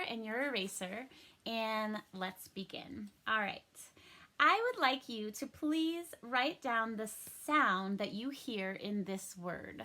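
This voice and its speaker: A young adult woman teaching a recorded first-grade phonics lesson, cheerful and clearly enunciating each sound. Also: fairly high pitch, sharp tone. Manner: cheerful, slow and clearly enunciated, sings and plays at pirate sounds.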